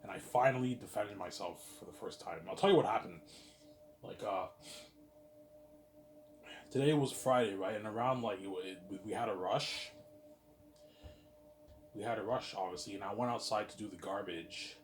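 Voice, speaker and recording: A man's voice: lowish voice, normal speed, long pauses, soft background music. A tired man telling a rambling, repetitive story to his viewers, swearing and stumbling over his words. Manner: rambling, repeats himself, swears, talks to himself. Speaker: vlogger. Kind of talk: casual storytelling monologue.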